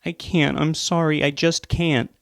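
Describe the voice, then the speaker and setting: A pleading, grief-struck middle-aged mother, voiced by a man reading a story aloud. The voice sits well above his own and carries a gravelly texture. She is tearful but insistent. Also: a little high, flat delivery, measured pace, no echo, studio quality, voice pushed up.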